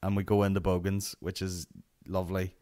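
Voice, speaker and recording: Northern Irish male comic host, lowish voice, rambling sweary storyteller. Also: level tone, a little fast, mellow. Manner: sweary, rambling anecdotal delivery. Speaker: podcast host. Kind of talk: solo comedy podcast storytelling.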